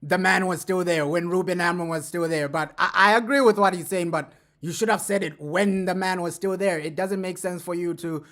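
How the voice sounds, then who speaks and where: A man giving casual fan commentary as a streamer reacting to clips, talking in a chatty way and tagging his sentences with quick asides. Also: high voice, steady tone, fairly bright tone. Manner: chatty, keeps adding "bro" and "right?".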